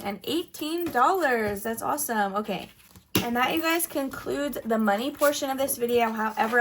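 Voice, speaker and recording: Chatty woman counting cash, bright voice. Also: a little high, a little hiss or hum. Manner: chatty, counts cash aloud, giggly asides. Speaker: budgeting vlogger. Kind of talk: casual vlog narration.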